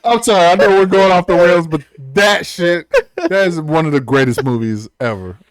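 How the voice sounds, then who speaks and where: A man co-hosting a podcast in casual chat, animated, swearing a lot and acting out movie lines between laughs. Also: high voice, normal speed, dry recording. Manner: heavy profanity. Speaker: podcast co-host.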